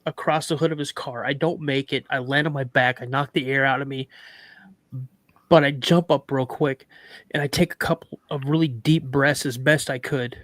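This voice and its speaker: A man's voice: on the high side, dry recording, clean studio sound. A man, a guest recounting a frightening encounter, acting out the voices of others and getting emotional. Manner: animated retelling with quoted dialogue, emotional. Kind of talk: emotional storytelling on a live show.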